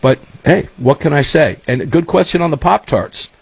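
A man's voice: on the high side, lively intonation, normal speed, gravelly, husky, no echo. A man hosting a talk show, chatting casually and rambling through stories. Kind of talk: casual chat.

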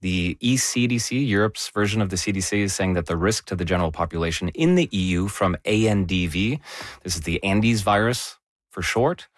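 A man explaining a news story in a conversational way, animated and correcting himself as he goes. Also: low-pitched, brisk, no echo, studio quality.

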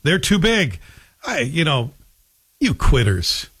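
A man's voice: a little high, big pitch swings, slow pace, a bit bright, breathy edge, no room sound. A Canadian man hosting a talk radio show, delivering a combative, scolding monologue with folksy asides.

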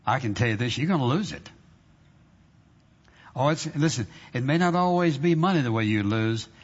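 A man preaching a sermon as pastor, emphatic and conversational, repeating phrases and prompting the congregation for amens. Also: medium pitch. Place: church sanctuary. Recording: dull reverberant hall recording.

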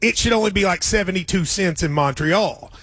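A man's voice: high voice, a bit bright, breathy edge, no echo. A man hosting a call-in radio show, joking and rambling through casual banter and taking callers. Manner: joking, rambling, quick interruptions.

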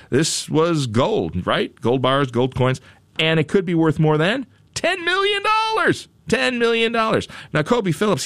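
A man's voice: medium pitch, dry recording. Wry, chatty man hosting a news show. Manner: chatty, wry, repeats phrases for emphasis. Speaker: radio show host. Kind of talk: casual news chat.

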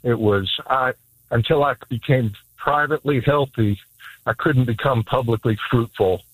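A man's voice: medium pitch, normal speed, slightly rough, no room sound, rough recording. A man phoning in to a radio show, with a dry, close sound. He speaks earnestly and from the heart. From Florida. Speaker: caller.

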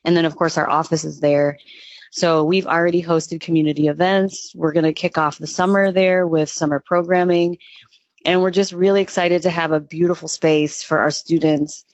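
A woman with a low voice answers interview questions in an upbeat, earnest manner, often pausing on "um". The sound is dry and a little dull. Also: steady tone, no room sound. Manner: upbeat, earnest, with frequent ums. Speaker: executive director of a youth music nonprofit.

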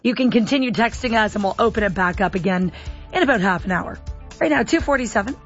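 A woman's voice: medium pitch, animated, quick pace, muffled recording, soft background music. A woman hosting a talk radio show, chatty and self-deprecating. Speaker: radio host. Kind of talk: casual radio chat.

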